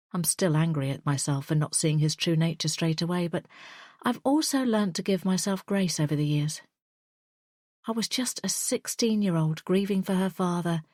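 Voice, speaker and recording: A woman narrates a suspense audiobook in a tense, measured way. Her voice is low and sits right on a close mic. The recording is dry, with no room sound. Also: a little mellow, no room sound. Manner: tense, measured first-person storytelling.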